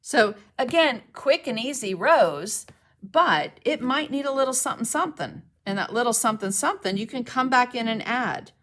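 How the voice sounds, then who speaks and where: A woman's voice: fairly high pitch, expressive, moderate pace, a bit bright. A woman teaching a painting demonstration on a live stream. She chats to viewers as she works and keeps checking in with them. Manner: chatty, talks to viewers while painting, checks in with "okay?"; greets and thanks commenters mid-demo. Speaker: mixed media art instructor.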